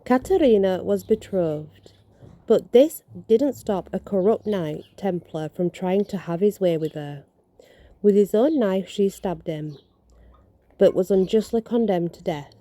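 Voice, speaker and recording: Woman, vlogger, reading aloud outdoors, very bright sharp tone, self-correcting, casual asides. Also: medium pitch, a little slow. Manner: reads from notes, stumbles and corrects herself. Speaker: vlogger reading ghost stories.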